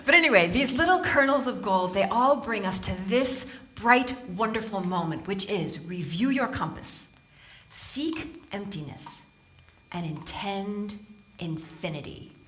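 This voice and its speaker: A woman from Southern California giving a humorous inspirational talk on stage to a live audience, telling animated stories and laughing often. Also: mid-range voice, normal speed, few pauses. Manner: animated storytelling, laughing often, playful asides. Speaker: motivational speaker and author.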